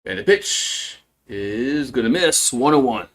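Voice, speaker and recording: A man calling a softball game play by play on a live stream from home, in a casual, chatty way. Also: mid-range voice, expressive, slow pace. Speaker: play-by-play commentator. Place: at home with a barking dog.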